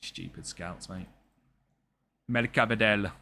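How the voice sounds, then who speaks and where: Chatty streamer, bright voice. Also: male voice, on the low side, slow pace, vocal fry, a little hiss or hum. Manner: chatty and jokey, talks to chat and game players. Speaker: game streamer. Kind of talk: live-stream game commentary chatting with viewers.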